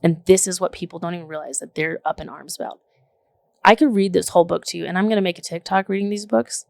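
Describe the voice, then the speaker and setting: Swearing now and then, a thirtysomething woman co-hosting a podcast spins animated stories in casual chat, leaning hard on "like" and "literally." She talks quickly in a fairly low pitch with vocal fry, and there's no echo.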